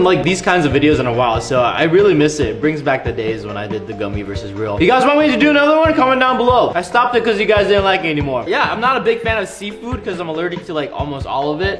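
A young man chatting excitedly through a casual food taste-test vlog, full of tasting noises and quick reactions. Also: high-pitched. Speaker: vlogger. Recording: echoey room with background music.

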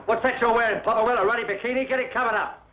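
An actor playing a brisk, commanding British army officer in a 1950s film comedy. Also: male voice, fairly high pitch, lively intonation, lo-fi sound, background noise, close to an everyday voice. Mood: barking. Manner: clipped, commanding.

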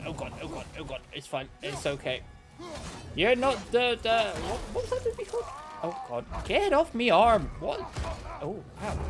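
Excitable jokey man, high lively voice. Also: vocal fry. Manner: excitable, jokey, talks to game characters. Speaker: gaming commentator. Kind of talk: let's play commentary. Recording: game music playing behind the voice. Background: game soundtrack music.

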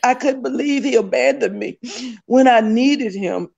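A woman's voice: on the high side, a little slow, creaky, a little mellow. A woman giving a fervent, tearful spoken religious testimony, repeating phrases as she speaks. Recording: dull lo-fi recording.

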